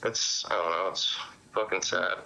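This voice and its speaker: A man's voice: sits low, steady tone, a little slow, bright, forceful tone, a little hiss or hum, low-quality recording. A man recounting events to police in a rambling, casual way, full of fillers and cussing. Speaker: witness interviewed by police.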